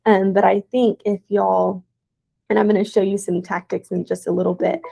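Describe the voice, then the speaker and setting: A woman's voice: medium pitch, level tone, moderate pace, gravelly, mellow, rough recording. A young woman teacher giving a casual presentation to teaching aides, with plenty of "um"s along the way. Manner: casual, with many "um"s and "y'all".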